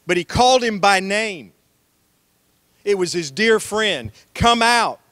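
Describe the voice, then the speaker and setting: A man's voice: sits high, expressive, unhurried, fairly bright tone, dry recording, studio quality. A man preaching a sermon as pastor, telling stories in a folksy way and acting out the voices he quotes.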